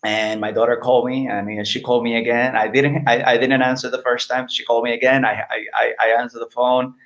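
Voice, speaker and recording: A middle-aged man speaking as an interview guest, earnest and halting, often repeating words as he searches for them. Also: mid-range voice, level tone, fairly bright tone, lo-fi sound. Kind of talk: candid personal interview.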